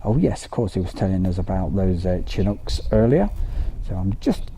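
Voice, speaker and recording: A man's voice: deep voice, sing-song, normal speed, dark tone, a little hiss or hum. A man hosting a live stream outdoors at an airfield, chatting in a jokey, rambling way as he reads out viewer messages. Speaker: livestream host.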